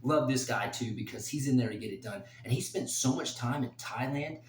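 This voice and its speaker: A man giving his fight picks in a casual, rambling solo talk that turns emotional and excited. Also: mid-range voice, brisk, reverberant, a little hiss or hum. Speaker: host making fight picks.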